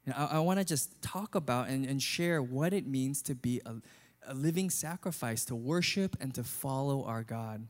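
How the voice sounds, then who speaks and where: A man's voice: medium pitch, normal speed. A male pastor preaching a sermon in an earnest, conversational way.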